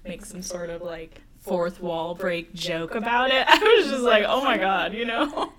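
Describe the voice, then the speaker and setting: A woman guest on a casual podcast chat, agreeable and quick to affirm others. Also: fairly low pitch, a crowd in the background. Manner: agreeable, frequent affirming murmurs.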